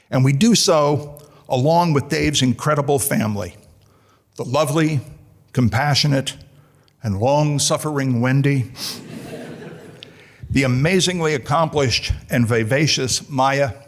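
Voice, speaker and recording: A middle-aged American man from New Jersey, introducing a colleague at a formal lecture with dry, self-deprecating humor. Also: medium pitch. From United States, New Jersey. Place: lecture hall.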